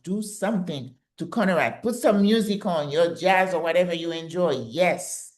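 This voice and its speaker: A woman's voice: on the low side, moderate pace, hardly any pauses, darkish tone. Emphatic older woman giving advice. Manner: emphatic and direct, coaching tone. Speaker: channel host giving advice. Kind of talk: motivational advice talk.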